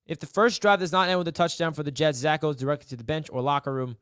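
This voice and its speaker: A man's voice: fairly high pitch, fairly even intonation, quick pace, a bit bright, smooth, no room sound, clean studio sound. A young man hosting a casual live sports stream, rambling and mock-despairing, repeating himself.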